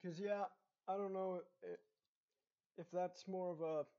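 A man's voice: high voice, fairly even intonation, measured pace, dark tone. A young man with a Texan accent, chatting casually and rambling with lots of fillers and restarts. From Dallas, Texas. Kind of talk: casual accent tag vlog. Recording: dull lo-fi recording.

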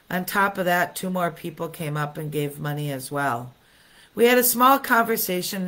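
A woman with a low voice hosts a casual devotional talk. She rambles in a friendly, homey way, pausing on ums and often blessing her listeners. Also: a bit bright. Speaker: host of a Christian devotional video. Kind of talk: casual devotional talk with read-aloud stories.

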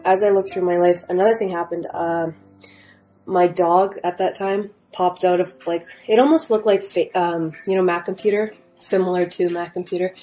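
A woman's voice: lowish voice, dark tone, low-quality recording. A young woman telling her own story in a casual, rambling way, full of fillers and restarts, at home. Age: young adult. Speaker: storyteller sharing a near-death experience. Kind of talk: casual first-person testimony.

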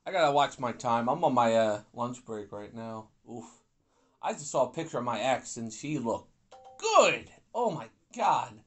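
Grumpy, animated man ranting over a game. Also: medium pitch, moderate pace. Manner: grumpy, swearing, rambling asides. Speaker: gaming YouTuber. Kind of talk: casual gameplay commentary.

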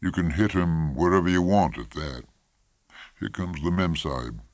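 A man's voice: low voice, normal speed, a little mellow, dry recording, studio quality. A man reading a story aloud, voicing a curt, confident professional hunting guide who talks in clipped phrases. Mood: brisk. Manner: clipped, terse.

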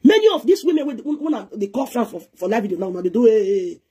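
A woman's voice: on the high side, sing-song, rapid-fire, dark tone, husky. A woman with a Nigerian Pidgin accent, giving a heated, scolding live-stream rant as a presenter, switching between pidgin and English.

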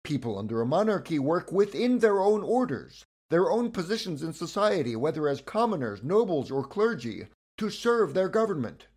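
A man's voice: a little high, big pitch swings, normal speed, few pauses, darkish tone, slightly rough. A man giving scripted educational narration about political history, with wry, conversational asides.

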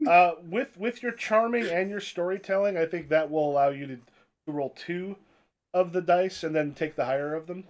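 A man running a tabletop heist game as game master, narrating in a halting way with many restarts and swearing when surprised. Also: high-pitched.

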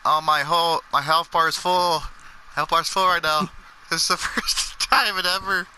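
Man, gamer, casual chat, excitable, bright tense tone, laughing. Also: on the high side, moderate pace, a little hiss or hum, rough recording.

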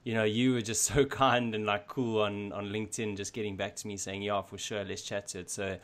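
A man with a fairly low voice hosts a podcast. He talks in a friendly, rambling way, circling back as he goes. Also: little pitch movement, fairly quick. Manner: friendly, rambling, many fillers and restarts. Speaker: podcast host. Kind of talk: casual chat.

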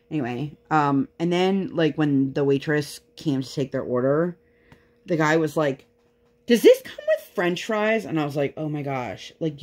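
A woman's voice: deep voice, darkish tone. A young woman chatting casually while she works on a craft project, telling stories with many fillers. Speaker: crafting vlogger.

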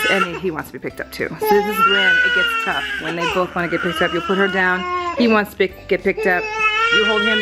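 A young woman vlogging as a mother of twins, gushing in excited baby talk. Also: mid-range voice. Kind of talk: casual vlog talking to camera and babies.

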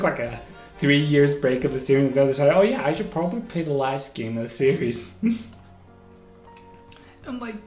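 A man hosting a casual solo podcast, rambling and excitable, often stopping to correct himself, on a home microphone. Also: medium pitch. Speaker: podcast host. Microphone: home microphone, may clip. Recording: echoey room with faint music.

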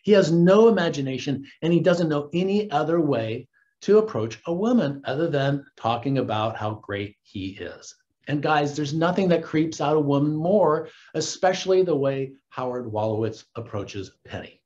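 A man working as a dating coach, giving casual, earnest advice and calling his listeners guys and gentlemen. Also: on the high side, expressive, moderate pace, lo-fi sound.

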